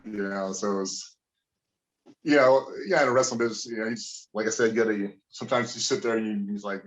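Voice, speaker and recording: A man's voice: on the low side, fairly even intonation, a little fast. A man who is a former pro wrestler, telling stories from his career in a casual interview, swearing freely and rambling with lots of fillers. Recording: dull lo-fi sound.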